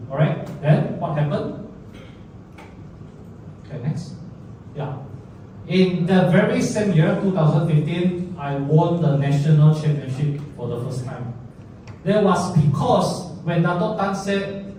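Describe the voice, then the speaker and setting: A man with a Malaysian English accent telling a personal story at a public talk, animated, chatty and candid. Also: fairly high pitch, moderate pace. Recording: echoey hall, distant mic, faint noise.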